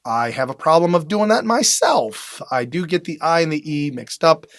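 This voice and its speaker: An energetic man from the United States hosting a talk show, giving emphatic political commentary with repeated phrases and frequent filler uhs. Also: on the high side, moderate pace, no room sound.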